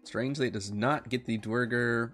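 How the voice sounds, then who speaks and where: A man's voice: medium pitch, fairly even intonation, normal speed, fairly bright tone, soft background music. A man running a tabletop game as game master, joking and swearing with his players. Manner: jokey, swears, laughs often.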